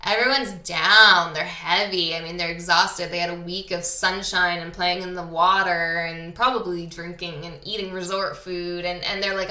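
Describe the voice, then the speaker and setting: Woman, Canadian, podcast host, enthusiastic, chatty, bright, echoey room. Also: lowish voice, steady tone, normal speed, hardly any pauses. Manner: enthusiastic, chatty, uses many fillers. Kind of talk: casual spiritual monologue.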